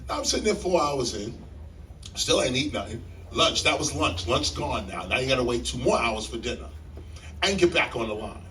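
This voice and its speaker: A man telling a story to a live audience in a library hall, animated and emphatic like a preacher, repeating key lines and jumping in pitch. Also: normal speed, far from the mic, slight background noise. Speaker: guest speaker on stage.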